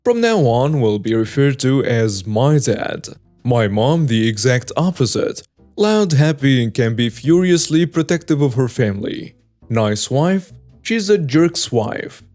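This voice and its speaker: A man reading out a written story in an even, flat narration voice, with little change for the quoted people. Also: mid-range voice, a little slow, soft background music. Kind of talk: scripted narration.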